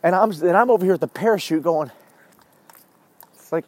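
A man's voice: sits high, fairly quick, long pauses, dry recording. A man hosting a podcast, talking in a rambling, profane way while outdoors walking his dog. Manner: rambling, profane, self-interrupting. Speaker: podcast host. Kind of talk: rambling casual monologue.

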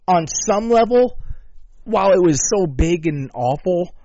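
A man delivering a rambling, profane comedic rant at home, swinging between loud outbursts and low mutters. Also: lively intonation, measured pace, no room sound. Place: at home with a dog. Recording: dull lo-fi dry sound.

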